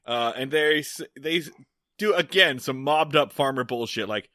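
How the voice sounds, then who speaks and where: A man's voice: medium pitch, normal speed, sharp tone, no echo, clean studio sound. A man co-hosting a podcast, recapping a sitcom episode in loose, profane, casual comedic chat. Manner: loose and profane, lots of fillers. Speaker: podcast co-host.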